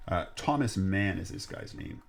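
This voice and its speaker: A man's voice: deep voice, expressive, moderate pace. A man hosting a podcast, telling a ghost story in a rambling, jokey way. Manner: rambling, jokey, restarts often. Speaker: podcast host. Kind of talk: casual storytelling chat.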